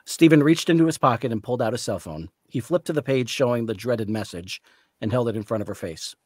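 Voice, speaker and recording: A man's voice: mid-range voice, animated, fast, a little mellow, no echo. Man narrating a novel aloud. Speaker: author reading. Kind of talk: live reading of a novel's narration.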